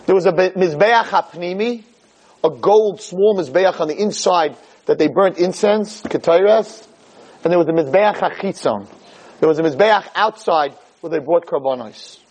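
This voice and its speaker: A man delivering a religious lecture with a high voice. He tells animated stories and slips into the people he is describing. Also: poor audio. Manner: animated storytelling, acting out scenes.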